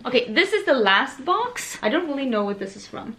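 A young woman from Sweden chatting excitedly as she unboxes beauty products for her vlog, gushing and chatty. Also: high-pitched, a little fast, hardly any pauses, a little hiss or hum. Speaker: beauty vlogger.

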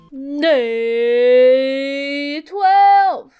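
Young woman, gameplay commentary, dramatic, talks to characters, gasps, fairly high voice. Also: drawn-out words, darkish tone, soft background music. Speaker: gamer.

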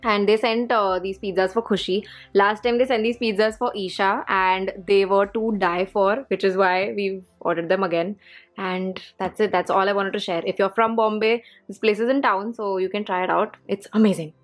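A young woman in her twenties with an Indian English accent chats in a relaxed, rambling vlog. She speaks at a mid-range pitch, often pausing on fillers as she talks. Soft music plays faintly behind her. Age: 20s. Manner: chatty and rambling, with many fillers. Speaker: vlogger. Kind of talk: casual vlog chat.

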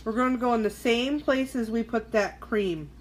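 A woman's voice: on the high side, moderate pace, a little hiss or hum. A woman hosting a casual live-streamed makeup tutorial, chatting loosely with viewers as she works, with the odd swear word. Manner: chatty, loose and profane, talking to viewers while working. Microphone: phone or webcam on a live stream.

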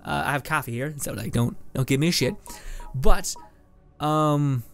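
A man's voice: fairly high pitch, moderate pace, vocal fry, fairly bright tone, soft background music. A young man from Canada giving casual, rambling let's-play commentary, laughing often and swearing casually as he plays. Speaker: gaming video host. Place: home room with green screen and lights.

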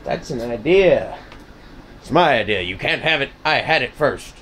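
A man's voice: medium pitch, expressive, moderate pace, fairly bright tone, a little hiss or hum. A man vlogging in a casual, rambling way, sarcastic and full of cussing and self-mockery. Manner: sarcastic, profane, self-mocking.

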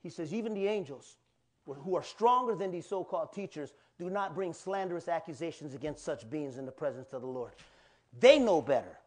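A pastor preaching a sermon in a loose, colloquial way, with asides and questions to the congregation. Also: male voice, fairly high pitch, expressive, a little fast.

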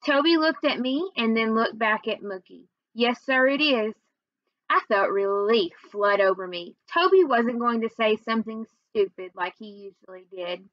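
Her voice leans high and expressive as she moves at a normal pace with few pauses. She's a teacher who recaps the novel with lots of filler words, then settles into a steady reading of the chapters for her students. Sound quality is lo-fi, without echo.

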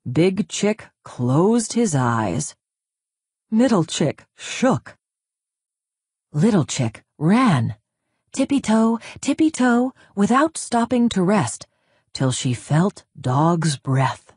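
A woman narrating a children's storybook aloud in an expressive, sing-song way. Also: lowish voice, breathy edge, no echo, clean studio sound.

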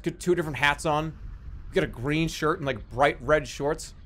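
A man casually commentating his own game live, excitable and joking, swearing freely. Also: fairly high pitch, moderate pace, slight background noise. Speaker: streamer playing a strategy game.

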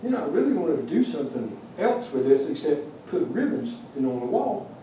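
A man's voice: fairly high pitch, sing-song, fairly quick, warm tone, slight background noise. A man giving a humorous, rambling storytelling lecture about his carving at a museum, with many restarts. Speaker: wildlife carver giving a talk. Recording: echoey room, mic far off.

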